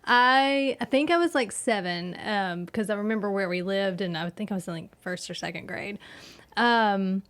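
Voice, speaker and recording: A woman's voice: mid-range voice, normal speed, a bit bright. A woman from Arkansas, a podcast guest, chatting casually, giggly and nervous. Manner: giggly, nervous, laughs often.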